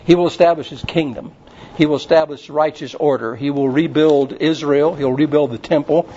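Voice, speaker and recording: Male preacher, folksy rambling storyteller, slightly high voice, muffled lo-fi recording. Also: steady tone, moderate pace, dark tone, slight background noise. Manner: folksy and rambling, with many fillers. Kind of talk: casual sermon storytelling.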